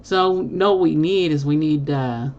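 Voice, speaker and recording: A low-pitched woman hosts a casual livestream, answering viewer comments in a rambling, teasing way with plenty of fillers and laughter. The audio is muffled and lo-fi, with a faint hiss underneath. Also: unhurried, a little mellow. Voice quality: chatty, rambling with many fillers. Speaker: livestream host.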